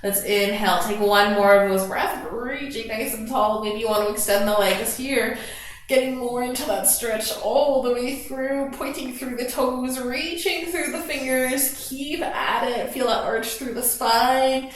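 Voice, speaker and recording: Soft-spoken yoga teacher woman in echoey room. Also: fairly high pitch, steady tone. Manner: soft, slow guiding cues with gentle encouragement. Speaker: yoga instructor. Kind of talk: guided yoga class.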